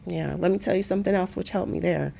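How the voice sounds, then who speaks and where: A woman's voice: lowish voice, quick pace, gravelly. A woman from Kansas, an entrepreneur and author, speaking earnestly as an interview guest about her work and faith. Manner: earnest, testimonial, animated when retelling stories. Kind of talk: reflective conversational interview.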